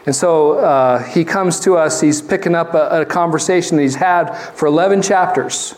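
A male pastor preaching a conversational sermon, telling jokey stories and reading scripture deliberately. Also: a little high.

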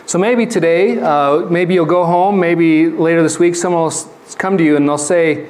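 A male pastor with a slightly high voice preaching in a relaxed, conversational way. He tells jokey everyday stories and reads scripture slowly. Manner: deliberate scripture reading. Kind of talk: sermon.

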